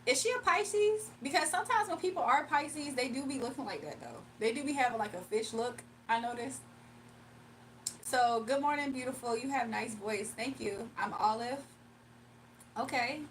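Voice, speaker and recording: A woman's voice: high voice, far from the mic, slight background noise, poor audio. Chatty Southern woman on a livestream. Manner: chatty, laughs often, drawling slang. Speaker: livestreamer and spiritual reader. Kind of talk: casual livestream chat, reading comments aloud. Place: home room.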